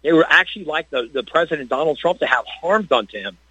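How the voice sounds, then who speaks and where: A man calling in to a radio talk show, rambling quickly and repeating the host's name. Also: a little high, lively intonation, lo-fi sound, over a noisy crowd. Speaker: phone-in caller.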